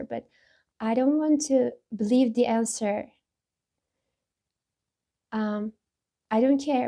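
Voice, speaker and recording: Slow, mellow-voiced woman vlogger. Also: fairly high pitch. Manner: halting and candid, with frequent laughs and restarts. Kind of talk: casual talk while taking a personality test.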